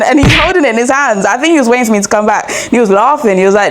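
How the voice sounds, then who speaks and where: A woman's voice: on the high side, fast talker, hardly any pauses, slight background noise. A young woman, a sleep-deprived new mother, telling a rambling story in a casual vlog while walking outdoors. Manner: chatty, rambling, animated retelling. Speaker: vlogger. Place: outdoors on a street walk.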